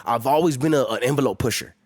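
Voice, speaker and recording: A man's voice: medium pitch, fast talker, a little mellow, dry recording. A man from the Los Angeles area, a podcast guest telling stories in a casual way with lots of profane street slang. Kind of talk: casual storytelling.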